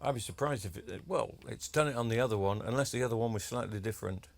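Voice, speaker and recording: A man's voice: medium pitch, fast, creaky. A man talking casually while demonstrating electronics, chatty with cheeky asides. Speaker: electronics repair video maker. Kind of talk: casual demo talk to camera.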